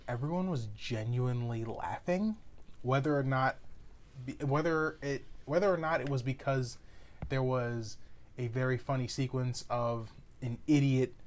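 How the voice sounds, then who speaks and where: A man co-hosting a podcast, chatting casually and often restarting his sentences as he searches for words. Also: mid-range voice. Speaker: podcast co-host. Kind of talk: casual chat.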